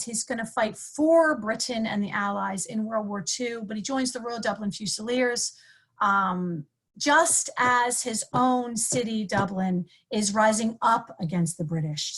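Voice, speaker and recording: A woman English professor talking through book recommendations in a conversational way, with frequent ums and self-corrections. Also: medium pitch. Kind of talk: recorded book-recommendation talk.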